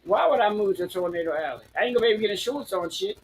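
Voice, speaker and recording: High-voiced sassy man hosting a live chat, calls everybody honey, lil bit of noise. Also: expressive, very fast, low-quality recording. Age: 50s. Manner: sassy, flamboyant, swears freely, calls people girl and honey. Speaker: host. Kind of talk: casual live-stream chat.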